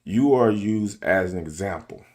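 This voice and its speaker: In a deep, slightly mellow and expressive voice, a middle-aged man talks at a measured pace inside a car. A football coach who hosts a show, he delivers an open, casual monologue, restarting and repeating himself for emphasis.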